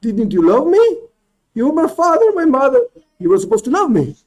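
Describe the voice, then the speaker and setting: A man's voice: wildly swooping pitch, fairly quick, a little mellow, full character voice. A man voicing a small child who is hurt and wails in protest. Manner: high protesting wail.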